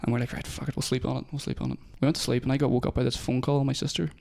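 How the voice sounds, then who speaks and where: A young man tells a story at a fast clip in loose, casual podcast chat. His speech is packed with "like" fillers and swearing, and his pitch sits in a middle range. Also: flat delivery, vocal fry, dark tone. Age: young adult.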